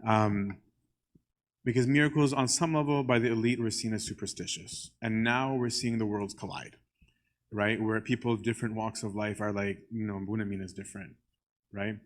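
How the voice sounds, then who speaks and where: Male priest teaching a church class, kinda low voice, chatty, lots of um and right. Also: fairly even intonation, normal speed. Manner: conversational, often asks "right?"; frequent "um" fillers. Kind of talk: casual church teaching talk.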